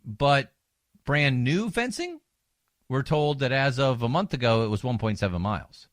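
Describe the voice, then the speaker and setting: A man hosting a talk radio show as a fill-in, delivering an animated, sarcastic monologue into a studio microphone. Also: mid-range voice, moderate pace, dry recording. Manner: animated, sarcastic, mocks opponents.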